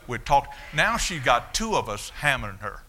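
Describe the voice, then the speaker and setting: A man, preaching a sermon as a story of his own life, dropping low and then shouting out the punch lines. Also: sing-song, moderate pace, a little hiss or hum. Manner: storytelling, swings from hushed to shouting. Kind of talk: sermon testimony.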